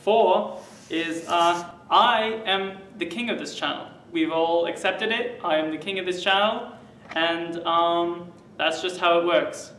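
A young man putting on a muddled fake British-Australian accent, listing facts about himself with many ums and pauses in an echoey room. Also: high voice, a bit bright, distant mic, slight background noise. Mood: boastful. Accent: fake British-Australian mix.

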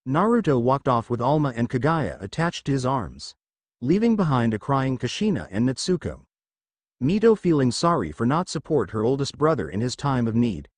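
A man reads fan fiction aloud in an amateur way and often stumbles over words. His pitch rises and falls a lot, and the recording is close and dry with no room sound. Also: very animated, moderate pace, no echo. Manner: plain reading with frequent slips. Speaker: narrator. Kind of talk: amateur fanfiction reading.

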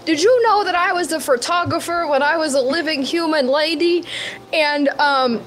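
A woman's voice: sits high, moderate pace, a bit bright, low-quality recording. A woman voicing a chatty dead woman turned cosmic patron deity, with a Midwestern accent and a folksy, rambling way of talking. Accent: American Midwestern. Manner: folksy, rambling, keeps calling people bud. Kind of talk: tabletop role-play in character.

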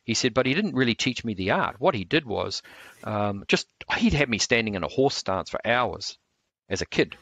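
A man, telling stories in a relaxed interview, rambling with lots of fillers and restarts. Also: medium pitch, moderate pace, no room sound. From New Zealand. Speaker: martial arts instructor.

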